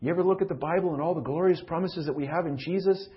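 Middle-aged male pastor, sermon delivery, slightly high voice, dull lo-fi audio, big loud-to-hushed swings. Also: fast. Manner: swings from loud pleading questions to hushed confiding tones. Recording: dull lo-fi recording.

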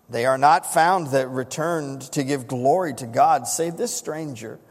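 A man preaching a sermon, building to dramatic shouts when he quotes scripture. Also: mid-range voice, measured pace, hardly any pauses. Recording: long reverb of a church hall.

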